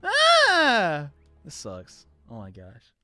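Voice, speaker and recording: Lively young man streaming a game. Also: medium pitch, normal speed, no room sound, studio quality, soft background music. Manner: animated, chatty, answers chat, swings to yelling at the game. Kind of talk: live gameplay commentary.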